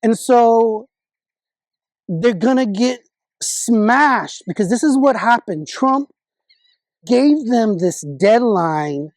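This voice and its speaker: A man's voice: very high voice, lively intonation, slow pace, long pauses, no room sound. A man vlogging his political opinions in a casual monologue, confident but often restarting and correcting himself mid-sentence.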